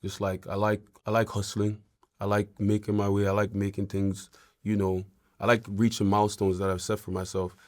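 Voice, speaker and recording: A young man from Ireland, a guest in a casual interview, talking in a relaxed, rambling way with many fillers. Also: on the low side, normal speed.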